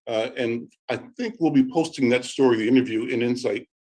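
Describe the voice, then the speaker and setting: A man speaking on a video call, praising a colleague in slow, deliberate phrases broken up by frequent "uh" pauses. His voice sits at a medium pitch. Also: darkish tone. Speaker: interviewer and community speaker. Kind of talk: tribute speech on a video call.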